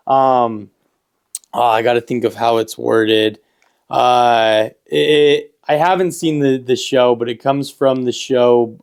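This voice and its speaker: A man co-hosting a self-help podcast, talking earnestly and repeating phrases for emphasis. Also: mid-range voice. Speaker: podcast co-host. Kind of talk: casual motivational chat.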